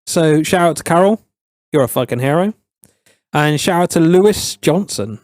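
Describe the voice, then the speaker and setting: A man's voice: fairly high pitch, lively intonation, normal speed, a little mellow, dry recording, studio quality. An English man co-hosting a podcast, making blunt, sweary jokes in casual banter. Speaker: podcast co-host.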